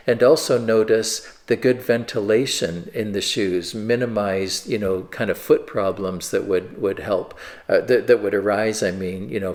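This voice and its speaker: A man's voice: lowish voice, darkish tone. A man, a pastor, teaching an informal sermon in a conversational way with frequent fillers and restarts. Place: church.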